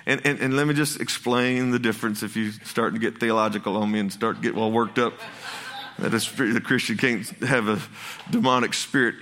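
A man's voice: medium pitch, fairly even intonation, a little fast, fairly bright tone. A man, preaching a passionate sermon as pastor, with folksy asides and many restarts.

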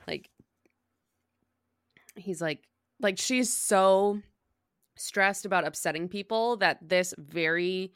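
A woman's voice: fairly low pitch, takes it slowly, pauses often, clear, resonant tone, dry recording, clean studio sound. A woman co-hosting a book podcast, casually retelling scenes and acting out quoted lines. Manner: relaxed retelling, acts out quotes. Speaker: podcast co-host.

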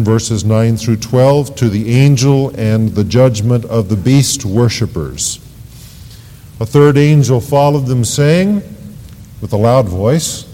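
A man's voice: mid-range voice, mellow. A male pastor preaching an evening sermon, reading scripture aloud with rising, emphatic delivery. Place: church sanctuary. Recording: long hall reverb, church sanctuary.

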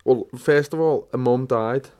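A man's voice: medium pitch, unhurried, warm tone, clear, resonant tone. A young man, giving strong opinions and rambling stories in a casual chat with his mates. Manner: opinionated, storytelling, repeats himself.

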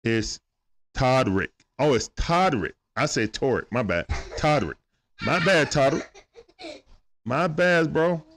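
A man's voice: medium pitch, slow, slight background noise. A man giving casual play-by-play of a basketball game on a live stream, greeting viewers in chat and talking aside to his son. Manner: animated, greets chat viewers between plays.

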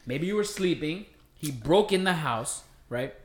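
A man's voice: on the high side, animated, unhurried. A man co-hosting a casual podcast chat, spinning long hypothetical scenes and acting out the lines. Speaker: podcast co-host. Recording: roomy echo.

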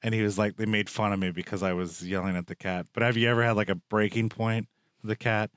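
A man's voice: lowish voice, fairly even intonation, fast talker, a bit bright, clean tone, no echo, clean studio sound. A young man hosting a casual chat, rambling and joking with lots of filler words. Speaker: podcast host.

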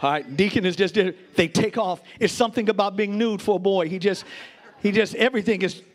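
A pastor preaching to his congregation in a very high voice. He rises to shouted peaks, laughs often and talks straight to the people in the pews. He is a middle-aged man delivering a lively sermon. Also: brisk. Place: church before a congregation.

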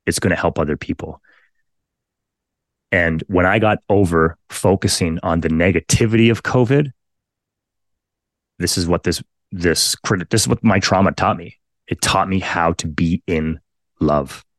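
Deep-voiced blunt man, dry close mic. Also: no echo. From Canada. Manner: blunt and profane, emphatic repetitions. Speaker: podcast guest, firefighter. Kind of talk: candid conversational storytelling.

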